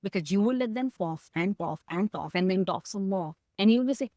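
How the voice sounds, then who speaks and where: A woman's voice: mid-range voice, expressive, fairly quick, warm tone, no echo. A woman guest talking candidly and emotionally about her past in a personal conversation, close to tears at times. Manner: heartfelt, emotional, reflective. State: tearing up.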